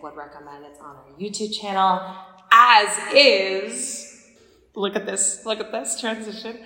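A woman's voice: mid-range voice, sharp tone, echoey room, big-room sound. A young woman co-hosting a casual podcast over a video call, chatty and self-deprecating. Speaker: podcast co-host. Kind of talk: casual chat. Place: apartment building lobby.

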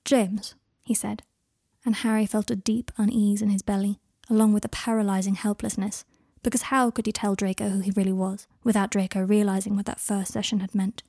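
Woman, fan fiction narration, soft and intimate, husky voice, dry recording. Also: medium pitch, little pitch movement, a little fast, no room sound. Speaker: reader.

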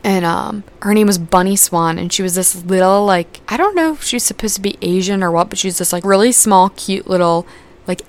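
A young adult woman hosting a podcast in casual chat, rambling with lots of fillers and casual swearing. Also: on the low side. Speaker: podcast host.

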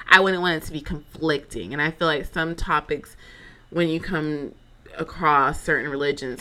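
Young woman host, lively dramatic storyteller, bright lower voice. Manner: chatty, dramatic, lots of fillers and asides. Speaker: podcast host. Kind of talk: casual storytelling monologue.

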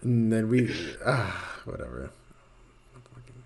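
A young man hosting a casual podcast chat, animated and swearing, often restarting his sentences. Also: lowish voice, normal speed. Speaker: podcast host.

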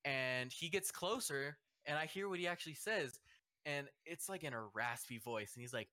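A young man with a very bright voice hosts a loose group chat and tells a rambling story with plenty of laughs. The sound is dry and close, with no room around him. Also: medium pitch, big pitch swings, normal speed, no echo. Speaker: host and judge.

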